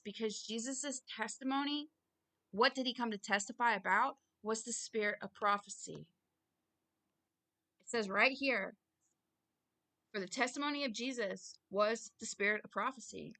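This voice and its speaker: A woman giving an informal Bible reading and sermon, earnest and growing loud and emphatic as she preaches. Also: fairly high pitch. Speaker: self-styled preacher.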